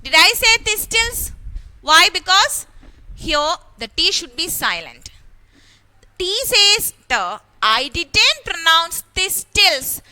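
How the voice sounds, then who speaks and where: Lady teacher, high voice, spells out letters slow and repeats words. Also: very animated, pushed and bright. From India. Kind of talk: online class lesson.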